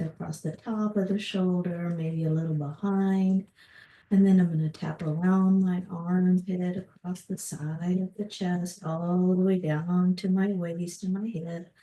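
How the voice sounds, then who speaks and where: A woman guides a Pilates mat class in a calm, encouraging way, cueing each breath and movement. Her voice is lowish and mellow. It sounds roomy, picked up from a little way off. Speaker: Pilates instructor. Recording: roomy, from a distance.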